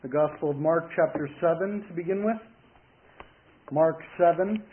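A male pastor preaching a sermon, reading scripture aloud in a measured, deliberate way. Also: fairly high pitch. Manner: measured, deliberate reading in King James wording. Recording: tinny phone-like broadcast audio.

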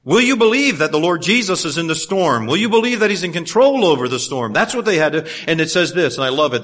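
A man preaching with a slightly raised pitch and a lively, swooping delivery. His sermon swings between loud emphasis and hushed, low asides. He drops in folksy, humorous stories along the way. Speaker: pastor.

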